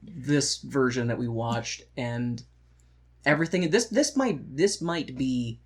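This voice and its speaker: A man's voice: mid-range voice, slow. A man co-hosting a podcast, chatting casually and joking with sarcastic asides and frequent laughs. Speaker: podcast co-host. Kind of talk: casual chat reacting to a musical.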